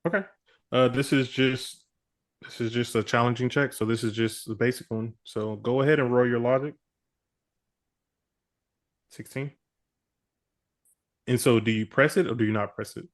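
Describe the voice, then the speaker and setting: A man acts as game master for a tabletop game and describes each scene in a relaxed, rambling way. His voice sits at an ordinary middle pitch. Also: moderate pace, long pauses.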